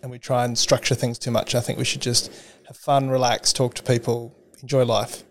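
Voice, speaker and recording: A man, a guest on a casual podcast, telling lively stories and acting out little dialogues. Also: medium pitch, brisk. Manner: animated storyteller, acts out dialogue; laughs often. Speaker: podcast guest, property development consultant. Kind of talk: casual interview chat.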